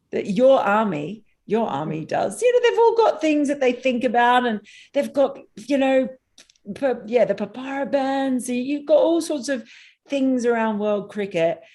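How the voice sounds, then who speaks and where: Animated woman guest. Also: a little high, unhurried. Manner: animated, exasperated opinions. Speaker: cricket journalist guest. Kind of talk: casual chat.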